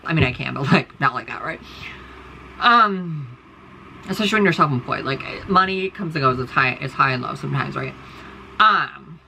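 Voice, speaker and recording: Woman, fast, bright, tense delivery; blunt profane rambling rant to followers, phone mic indoors, faint room hum. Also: low voice, creaky, poor audio. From United States. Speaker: content creator. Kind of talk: casual ranting monologue to followers.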